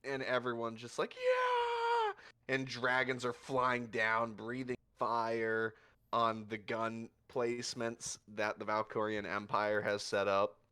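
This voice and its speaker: A man narrating a tabletop game as game master, describing a battle slowly and vividly. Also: mid-range voice, level tone, sharp tone, smooth. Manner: slow, vivid scene narration.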